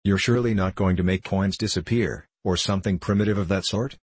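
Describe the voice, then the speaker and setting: A man reading the part of a cool, sardonic young gentleman who speaks with polite contempt. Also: low voice, steady tone, fairly quick, slightly rough, no room sound.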